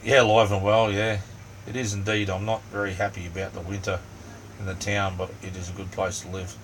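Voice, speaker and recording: Speaking briskly in a low voice that barely shifts in pitch, a middle-aged Australian man hosts a casual livestream chat from inside a small camper van. He rambles in an easygoing way, heavy on ums and "mate." The distant mic catches a faint fan hum.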